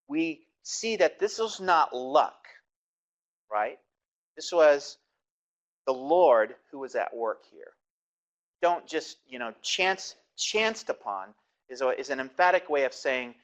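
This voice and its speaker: A man's voice: mid-range voice, fairly bright tone, rough recording. A man giving a recorded Bible lecture, reading passages aloud and explaining them with frequent fillers and restarts. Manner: reads scripture aloud, then explains it with many fillers and restarts.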